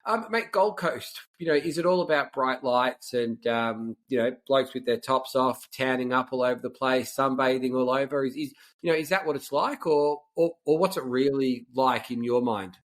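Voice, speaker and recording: A man's voice: mid-range voice, normal speed, few pauses. Australian man hosting a matey chat. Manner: friendly, matey, lots of fillers. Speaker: podcast host. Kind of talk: casual chat.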